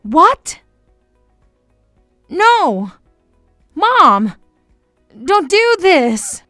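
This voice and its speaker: A frantic teenage girl begs and pleads, as a woman acts her out, high in pitch with a sharp, bright edge. It sounds close and dry, with faint music underneath. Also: sing-song, drawn-out words, dry recording, exaggerated voice. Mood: pleading. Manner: pleading, tearful. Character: desperate teenage girl begging her mother.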